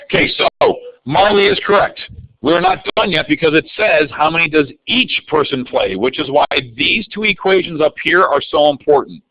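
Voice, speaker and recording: A man's voice: a little high, big pitch swings, moderate pace, vocal fry, dry recording. A man teaching a live online algebra review lesson, calling on students by name in an upbeat way. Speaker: math teacher. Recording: dull lo-fi dry sound.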